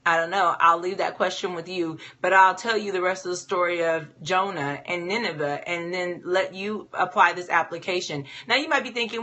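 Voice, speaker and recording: A woman giving a devotional Bible teaching talk in an animated way, full of rhetorical questions. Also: lowish voice, a little fast, few pauses.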